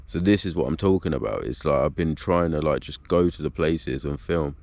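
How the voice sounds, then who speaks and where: A man's voice: rumbling low, fairly quick, vocal fry, darkish tone, no room sound. A man talking casually to his own camera, rambling and profane. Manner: rambling and profane, full of "like" and "you know what I mean". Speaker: video blogger. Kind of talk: casual vlog monologue.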